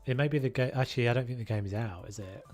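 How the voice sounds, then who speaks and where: A man's voice: mid-range voice, very fast, a little mellow, faint music behind. A man casually chatting and musing aloud while live-streaming a game, now and then humming tunes.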